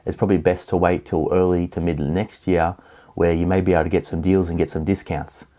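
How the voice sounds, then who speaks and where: A low, mellow-voiced man runs through property market figures in a solo video update. He reads the numbers at a steady clip and drops in the odd filler as he goes. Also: a little fast.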